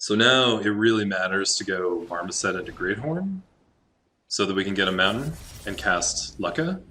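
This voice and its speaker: Brief: man in casual gameplay commentary, low voice with a bright, forceful edge, wry asides to himself. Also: expressive, moderate pace, a little hiss or hum. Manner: talks to himself, wry, laughs at his own jokes. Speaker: game streamer.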